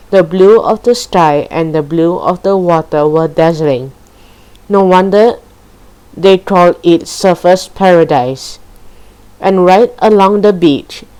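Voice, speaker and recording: Female storybook reader, low voice, slow and even delivery. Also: rough recording. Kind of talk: reading a children's story aloud.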